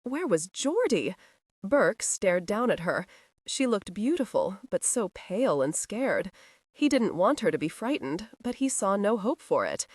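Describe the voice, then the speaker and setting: A woman narrating a historical romance audiobook in an expressive storytelling manner. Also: medium pitch, unhurried, no echo, clean studio sound. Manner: expressive, voices each character.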